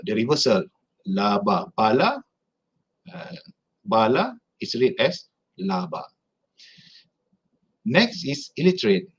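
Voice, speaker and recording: Malaysian man lecturing, lively husky voice. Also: mid-range voice, rough recording. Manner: careful, explains with spelled-out examples; halting, restarts phrases. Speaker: academic speaker. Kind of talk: online conference lecture.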